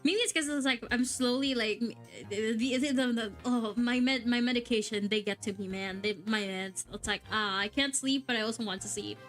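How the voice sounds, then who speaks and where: A woman's voice: fairly high pitch, normal speed, hardly any pauses, fairly bright tone, soft background music. A young woman VTuber commenting casually on a game, giggling, swearing and stumbling over words in a sleepy way. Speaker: VTuber streamer.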